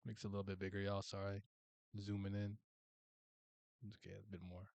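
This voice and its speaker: A man's voice: fairly low pitch, monotone, fairly quick, gravelly, darkish tone, no echo. A man hosting a casual livestream chat, rambling with lots of restarts and laughter. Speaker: livestream host.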